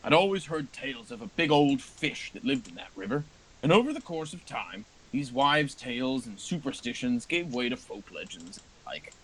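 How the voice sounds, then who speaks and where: A man's voice: mid-range voice, animated, husky, poor audio. A man voicing a dying old bearded man who solemnly tells a story from his youth. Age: older. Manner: slow, grave storytelling.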